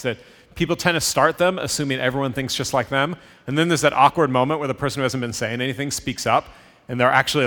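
A man's voice: medium pitch, fairly bright tone. A man preaching a sermon as pastor, talking in a loose, conversational way with frequent fillers. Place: church sanctuary. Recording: hall reverb.

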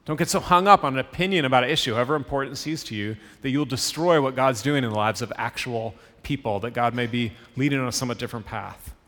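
A man's voice: medium pitch, quick pace, few pauses, fairly bright tone. Conversational male pastor in a reverberant hall. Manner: conversational, fillers like "like" and "right". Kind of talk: sermon. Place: church sanctuary.

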